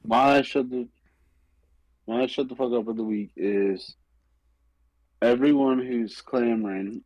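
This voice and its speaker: A man's voice: mid-range voice, fairly even intonation, slow, long pauses, a little mellow, no room sound, lo-fi sound. A man co-hosting a sports podcast, talking bluntly and dismissively in casual slang. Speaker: podcast co-host.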